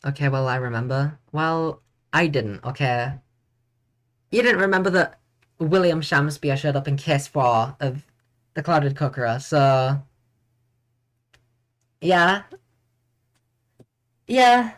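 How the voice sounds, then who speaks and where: A woman streaming herself playing a courtroom video game, joking, swearing and bursting out in quick excitement as she reads the dialogue aloud. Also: low-pitched. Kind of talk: casual gameplay commentary with read-aloud dialogue.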